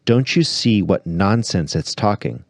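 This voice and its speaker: A man reading aloud and voicing a joyful heavenly lady who speaks slowly and tenderly. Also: lowish voice, expressive, gravelly, no echo, studio quality. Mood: serene joy. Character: radiant joyful heavenly lady, gentle and serene.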